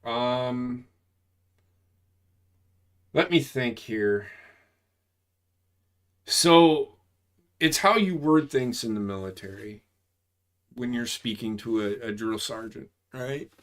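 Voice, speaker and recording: Speaking slowly in a mid-range voice with frequent pauses, this forties-aged army vet tells stories from his service in a relaxed chat. His telling is profane and meandering, lively once a story gets going.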